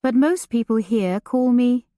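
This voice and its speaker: Woman doing a shy young governess, hesitant, quiet, slightly high, dry sound. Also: measured pace, no echo, lightly acted.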